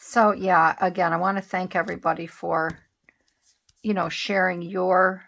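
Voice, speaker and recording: A woman's voice: lowish voice, fairly even intonation, measured pace, gravelly, a bit bright. Chatty middle-aged woman crafting on camera. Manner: chatty, rambling, with many fillers and restarts. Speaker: collage craft vlogger. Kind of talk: casual chat while crafting.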